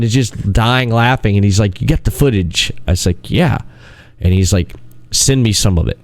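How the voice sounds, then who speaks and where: A man with a low voice hosts a podcast in easy casual chat. He rambles through stories and acts out the quotes, laughing often. His voice sounds dry and close, with no room sound around it. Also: moderate pace, no echo. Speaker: podcast host.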